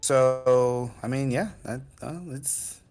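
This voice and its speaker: A man playing in a tabletop game, talking slowly and hesitantly as he works out his moves. Faint music sits under his voice. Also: medium pitch, steady tone, a little mellow. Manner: hesitant, lots of ums and restarts. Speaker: player. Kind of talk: casual tabletop play.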